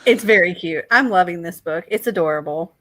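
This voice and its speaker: A woman co-hosting a live reading stream, reading a novel aloud and chatting casually, breaking into quick laughs. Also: fairly low pitch. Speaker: booktuber co-host.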